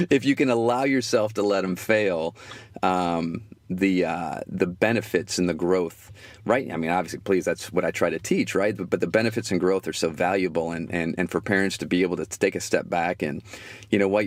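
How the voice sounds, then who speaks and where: A man hosting a podcast interview, speaking in a relaxed, reflective way with frequent fillers and repeated words. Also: deep voice, moderate pace, no echo. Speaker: podcast host. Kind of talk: conversational interview.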